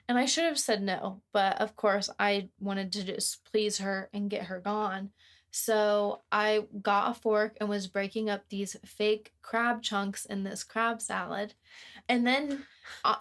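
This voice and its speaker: A young woman co-hosting a casual podcast, her voice sitting at an ordinary middle pitch. She tells a work story in a chatty, exasperated way, laughing along as she goes. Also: steady tone, a little slow. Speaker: podcast co-host.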